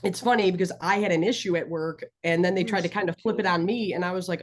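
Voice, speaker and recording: A woman's voice: lowish voice, quick pace. A woman co-hosting a podcast, talking in an enthusiastic, rambling, casual way as a fan. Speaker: podcast co-host. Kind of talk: casual chat.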